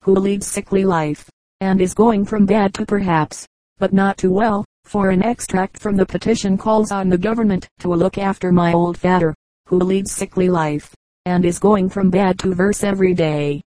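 A woman narrates a book of short jokes in a measured, even reading. Her voice is mellow and warm at a middling pitch, recorded close and dry with no room around it. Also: no room sound, rough recording. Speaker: audiobook reader. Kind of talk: scripted narration.

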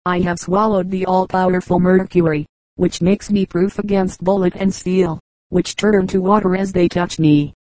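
A woman's voice: fairly low pitch, fairly even intonation, normal speed, dark tone, no room sound, natural voice, low-quality recording. A woman reading the part of a fierce, boastful fanatic priest who claims magic powers, in a storybook reading. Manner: grandiose, boastful.

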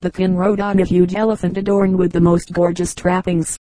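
Low, even-voiced woman reading fables. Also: normal speed, no room sound, rough recording. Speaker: audiobook reader. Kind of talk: storybook narration.

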